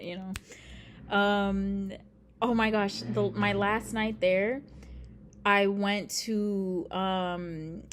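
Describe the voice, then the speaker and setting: A woman's voice: mid-range voice, a bit bright, slight background noise. A young woman chatting to camera in a casual vlog, rambling with lots of "like" and "um". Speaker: vlogger. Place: indoors near a street with passing traffic.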